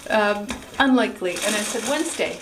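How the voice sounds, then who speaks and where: Canadian woman, chatty self-mocking vlog talk, mid pitch, loud background noise, car sounds. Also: fairly quick. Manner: chatty, self-mocking, acts out quoted voices. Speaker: vlogger. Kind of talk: casual vlog chat.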